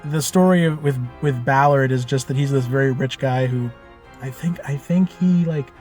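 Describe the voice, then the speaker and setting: A man telling the story of a tabletop game he ran as game master, in a loose, animated way with lots of fillers and casual swearing. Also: medium pitch, normal speed, soft background music.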